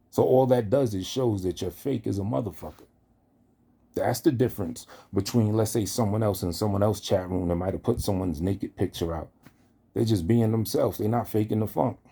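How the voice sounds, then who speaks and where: Low gravelly man ranting. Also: brisk, warm tone. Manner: confrontational, profane, addresses target directly. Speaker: online commentator. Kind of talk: heated callout rant.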